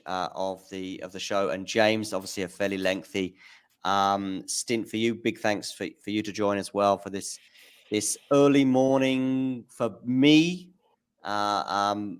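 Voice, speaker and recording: A man with a very low voice hosts a casual tennis livestream. He rambles a bit between thoughts and greets chat viewers by name. He is heard over a remote call setup. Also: clean tone. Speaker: host of a tennis talk stream.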